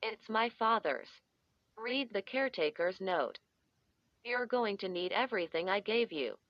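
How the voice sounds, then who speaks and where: A woman voicing a numb, frightened young woman who talks flatly, like a robot. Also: mid-range voice, unhurried, no echo, dull audio. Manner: flat, robotic.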